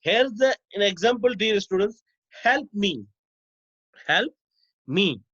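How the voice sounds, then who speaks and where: A man with a high voice teaches a grammar lesson and says every example twice, slowly and deliberately. He keeps calling his class "dear students". The recording is dull and lo-fi, with a dry, close sound. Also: fairly bright tone, no room sound. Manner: repeats each example slowly, stretching words.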